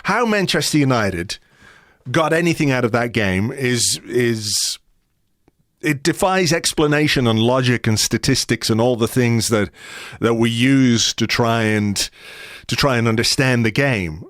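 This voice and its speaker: Male podcast host, casual chat, jokey, mid pitch, dry close mic. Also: lively intonation, a little slow, fairly bright tone, no room sound. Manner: chatty, joking, laughs often.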